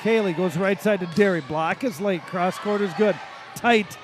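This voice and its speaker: A man doing play-by-play of a high school volleyball match, calling plays quickly and shouting on big points. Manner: rapid calls that rise to shouts at big plays. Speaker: play-by-play announcer. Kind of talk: volleyball commentary. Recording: loud crowd and gym noise.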